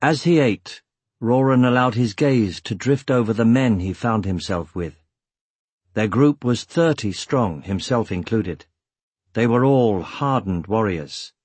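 Husky man narrating a story. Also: fairly low pitch, no room sound. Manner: measured, steady storytelling. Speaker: audiobook narrator. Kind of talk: scripted narration.

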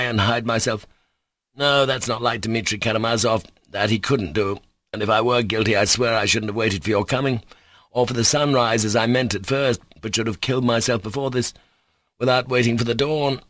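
A man's voice: on the low side, a bit bright, no room sound, clean studio sound, natural voice. A man reading Mitya, a bitter accused man. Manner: agitated, bitter outbursts. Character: angry proud young man under questioning. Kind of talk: audiobook character reading.

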